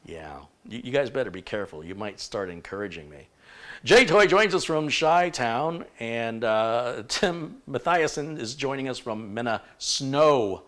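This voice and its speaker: A man chatting through his livestream in a relaxed, joking way, greeting viewers one by one. His voice sits at an ordinary middle pitch and his talk wanders loosely between shout-outs and asides. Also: unhurried. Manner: jokey, rambling, reads out viewer greetings. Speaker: livestream host. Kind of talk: casual livestream chat.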